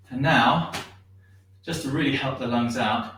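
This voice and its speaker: A man teaching a shiatsu class, guiding breathing and stretches in a gentle, unhurried way with many pauses and ums. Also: medium pitch. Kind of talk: guided movement class. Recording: echoey room, far from mic.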